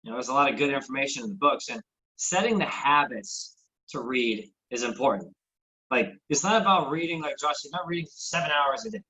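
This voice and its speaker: A man's voice: medium pitch, animated, a little fast, sharp tone, low-quality recording. A man hosting a casual fitness podcast, talking in a loose, rambling way with lots of restarts. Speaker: podcast host. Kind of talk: casual chat.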